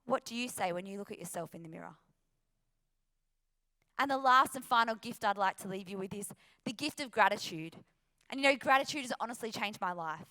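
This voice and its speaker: A woman's voice: mid-range voice, animated, fairly quick, pauses often, sharp tone. An Australian woman giving an earnest, emphatic motivational talk with rhetorical questions. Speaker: motivational speaker.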